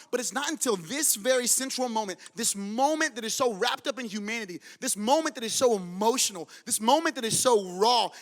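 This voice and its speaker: Male pastor preaching hard, high voice, long church hall echo. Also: a bit bright. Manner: fervent preaching, urging the congregation. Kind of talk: sermon. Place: church auditorium with congregation.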